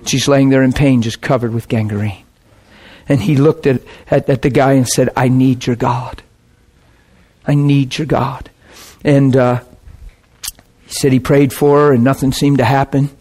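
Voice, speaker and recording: A man preaching a sermon, telling a story in a folksy, animated way and slipping into the voices of the people he quotes. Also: medium pitch, moderate pace.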